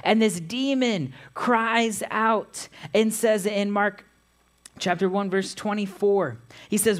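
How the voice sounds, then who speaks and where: A woman pastor giving a sermon, reading scripture aloud in a measured way. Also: mid-range voice, steady tone.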